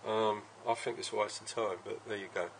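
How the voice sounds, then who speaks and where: A man's voice: lowish voice, steady tone, brisk, creaky, heavy background noise. A British man casually talking through a hobby build in his workshop, rambling with plenty of ums and uhs.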